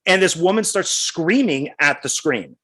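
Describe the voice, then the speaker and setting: A middle-aged man co-hosting a podcast, telling a rambling story in a casual, animated way. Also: fairly high pitch, measured pace. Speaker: podcast co-host.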